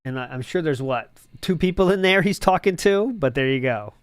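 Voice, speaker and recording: A man's voice: fairly high pitch, lively intonation, brisk, clean tone, dry recording. Sarcastic man reading chat, dry close sound. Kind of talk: casual chat.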